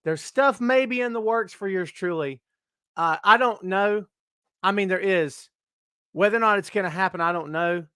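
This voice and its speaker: High-voiced joking male stream host. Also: moderate pace, smooth, no echo, studio quality. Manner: loud, joking, self-mocking banter. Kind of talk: casual live-stream chat.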